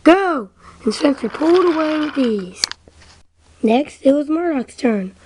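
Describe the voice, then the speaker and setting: High-voiced woman telling a train story. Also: lively intonation, warm tone, a little hiss or hum, low-quality recording. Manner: slow, unpolished reading with restarts. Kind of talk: amateur storybook narration.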